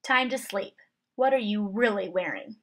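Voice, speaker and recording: A woman's voice: medium pitch, lively intonation, moderate pace. Woman plainly reading out questions. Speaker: question reader.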